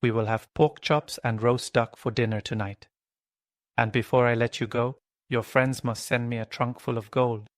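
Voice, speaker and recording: A man voicing a boastful, blustering male pirate captain who shouts and gloats. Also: mid-range voice, steady tone, moderate pace, no echo, clean studio sound, close to an everyday voice. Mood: gloating.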